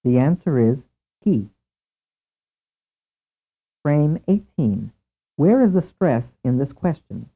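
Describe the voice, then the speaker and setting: A man narrating a scripted language lesson in a measured way, asking questions and then giving the answers. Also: on the high side, expressive. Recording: tinny lo-fi tape over a narrow band.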